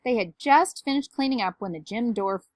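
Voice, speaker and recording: A woman's voice: on the high side, animated, moderate pace, no room sound. Woman reading a children's book aloud. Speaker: parent reader.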